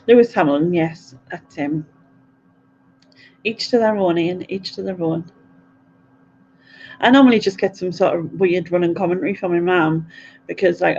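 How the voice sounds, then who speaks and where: A woman's voice: on the low side, gravelly, a little mellow, lo-fi sound, slight background noise. A middle-aged woman, chatting and giggling through a casual live question-and-answer stream.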